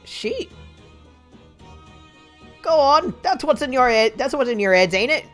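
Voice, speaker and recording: A woman's voice: sits low, expressive, normal speed, faint music behind. A woman voicing a cheeky teenage girl pickpocket in a game, brash and full of street slang. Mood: defiant.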